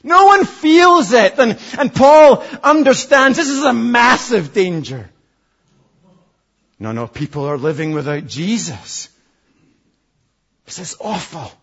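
A man in his forties preaching a sermon as pastor, earnest, dropping from loud emphasis to hushed asides. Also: extremely high pitch, animated, slow pace, vocal fry, muffled recording. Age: 40s.

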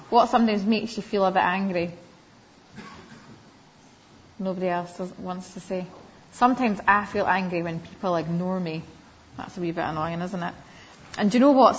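A woman giving a Bible lesson to young children, gently questioning them and calling on them by name. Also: medium pitch. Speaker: Sunday school teacher. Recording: slightly dull lo-fi recording.

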